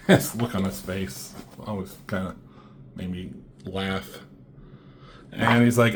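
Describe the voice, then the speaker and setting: A man's voice: low-pitched, fairly even intonation, takes it slowly, pauses often, a little hiss or hum. A man casually talking through comic book pages, rambling and swearing, with lots of fillers and restarts.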